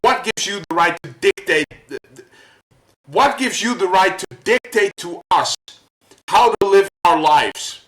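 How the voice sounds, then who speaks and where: A man in a fired-up vlog rant, his fairly high voice stumbling and circling back over the same words. He talks slowly, working himself up as he goes. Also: animated, a bit bright, roomy sound, rough recording. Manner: worked up, halting, repeats himself. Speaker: vlogger. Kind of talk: angry rant to camera.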